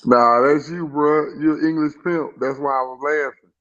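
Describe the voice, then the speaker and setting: A man's voice: on the high side, fairly even intonation, normal speed, a bit bright. A man in a casual group chat, laid-back and mocking the others. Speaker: chat participant. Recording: dull lo-fi sound.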